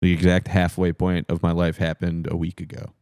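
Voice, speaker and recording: A man from New Hampshire, a podcast guest spinning absurd stories with a deadpan delivery. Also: deep voice, a little fast, clear, resonant tone, no echo, studio quality. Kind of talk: improvised comedy interview.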